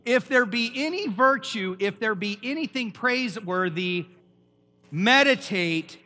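High bright-voiced man preaching a sermon. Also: expressive, unhurried. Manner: preachy and emphatic, quizzing the audience. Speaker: pastor.

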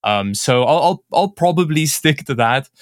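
A man with a South African accent drifting toward North American, a tech video creator chatting as a podcast guest, self-deprecating and quick to laugh. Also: a little high, lively intonation, no echo, clean studio sound. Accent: South African, shifting toward North American. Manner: self-deprecating, laughs often, halting restarts. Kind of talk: casual tech podcast chat.

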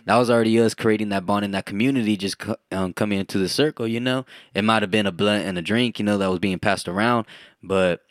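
Low-voiced young man, loose rambling chat. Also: fast talker, no echo, clean studio sound. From United States. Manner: loose and rambling, full of fillers and casual swearing. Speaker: podcast co-host. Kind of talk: casual chat.

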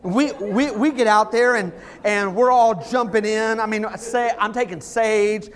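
Animated male pastor preaching a sermon. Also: sits high, measured pace. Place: church service.

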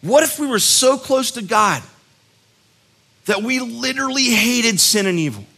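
A man giving a casual sermon as a youth speaker, telling animated stories with jokey asides. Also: extremely high pitch, unhurried, creaky, slightly rough. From West Virginia.

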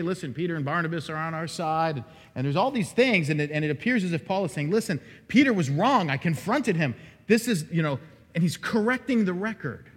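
A man preaching an expository sermon as pastor, animated and dramatic, acting out quoted lines with sudden rises in his voice. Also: fairly high pitch, slightly rough. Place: church sanctuary. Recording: long hall reverb.

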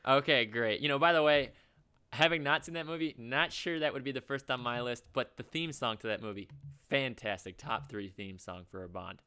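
A man's voice: medium pitch, moderate pace, pushed and bright, smooth. A man co-hosting a casual podcast, chatty and rambling with frequent laughs. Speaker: podcast co-host. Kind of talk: casual chat.

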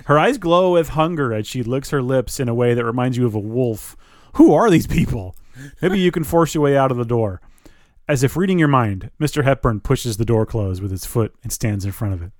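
A man's voice: mid-range voice, lively intonation, brisk, a little mellow, dry recording, clean studio sound. A man reading a choose-your-path book aloud, dropping casual asides between passages. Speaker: reader.

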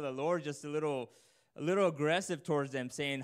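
Here the preacher's voice sits a little high, smooth and brisk, with hardly a pause. He delivers an informal, heartfelt sermon, reading scripture and chatting through it, rising in pitch on key points.

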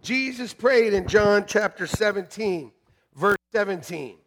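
A male pastor preaching a sermon to his congregation, joking with them and moving between quiet asides and shouted emphasis. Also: sits high, animated, unhurried, slight background noise. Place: church sanctuary.

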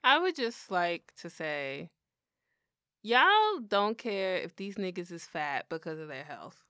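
A woman's voice: on the low side, very animated, takes it slowly, sharp tone, clear, resonant tone, no room sound, clean studio sound. Blunt young woman ranting. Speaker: podcast co-host. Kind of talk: casual chat.

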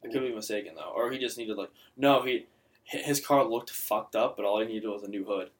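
A man's voice: on the low side, brisk, recorded from a distance. A young man in casual podcast chat, telling a rambling story full of filler words.

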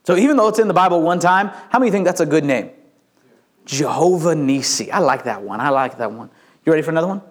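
Male pastor, animated sermon, jokey, stammering restarts, slightly high voice. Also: fast talker. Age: adult with young children. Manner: animated, playful preaching with stammered restarts and jokes.

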